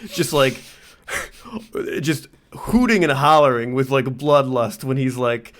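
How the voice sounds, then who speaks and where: Man co-hosting comedy podcast, mid-pitched, excitable riffing. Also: slow pace. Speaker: podcast co-host. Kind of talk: casual comedy podcast chat.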